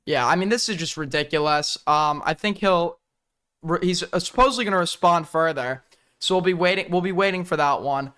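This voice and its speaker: A man's voice: a little high, brisk, pushed and bright, clear, resonant tone. A young man giving casual livestream commentary, profane and rambling, often breaking off and restarting sentences. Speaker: streamer.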